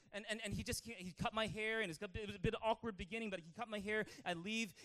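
A man with a Canadian accent preaching a lively sermon in church, calling for amens and acting out a childhood story. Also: sits high, quick pace, hardly any pauses. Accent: Canadian English. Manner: energetic, calls for amens, tells stories with acted-out voices. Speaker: pastor.

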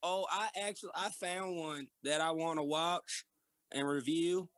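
A man's voice: fairly high pitch, steady tone, fairly bright tone. A young man co-hosting a podcast, rambling through crude casual banter. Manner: rambling, drawn-out "man" and "dude". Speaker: podcast co-host.

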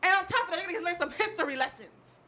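A woman's voice: very high-pitched, lively intonation, racing, pushed and bright. A woman playing a tabletop game, talking in a brash, incredulous way. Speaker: player.

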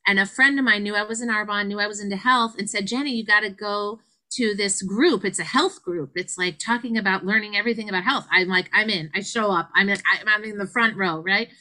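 A middle-aged woman, a guest, telling her story in an animated way and acting out the quotes. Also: brisk, rough recording. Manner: animated, acts out quotes with big pitch jumps. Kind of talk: conversational storytelling.

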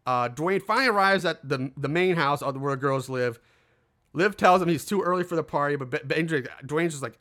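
A podcast co-host casually retells a movie's plot, rambling with fillers and voicing the characters' quotes. His voice sits on the high side, fairly bright, at a moderate pace.

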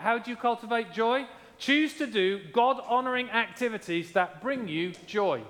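A man's voice: high voice, a bit bright, in a large hall. A man preaching a sermon as pastor, emphatic, repeating key lines and asking his congregation how they are doing.

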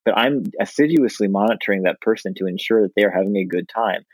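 Fast-talking blunt man, dry sound. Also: fairly low pitch, darkish tone, dry recording, rough recording. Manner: earnest, emphatic, blunt with profanity. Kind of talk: frank casual discussion.

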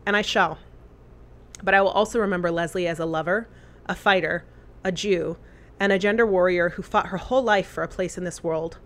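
A woman earnestly reading a memorial letter aloud, with deliberate phrasing. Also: lowish voice, a bit bright.

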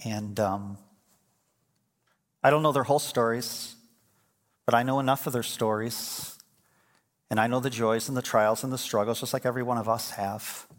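A man's voice: mid-range voice, fairly even intonation, moderate pace, pauses often. A middle-aged man preaching a sermon as pastor, telling stories and building to emphatic, fervent points. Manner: storytelling, swings from quiet to emphatic.

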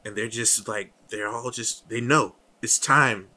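A man's voice: medium pitch, a little slow. A man co-hosting a podcast, chatting casually and profanely about a movie and acting out the characters' lines. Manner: profane, animated, acts out quotes. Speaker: podcast co-host.

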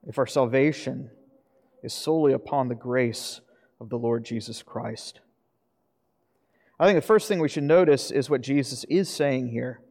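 A man's voice: mid-range voice, a little mellow. A pastor preaching a sermon earnestly, asking his listeners rhetorical questions. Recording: long reverb of a hall.

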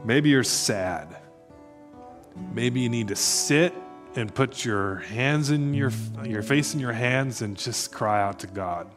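A man's voice: mid-range voice, expressive, slow, music in the background. Earnest male pastor leading prayer. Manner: earnest, inviting, growing hushed in prayer. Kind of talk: sermon closing into prayer. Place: church service.

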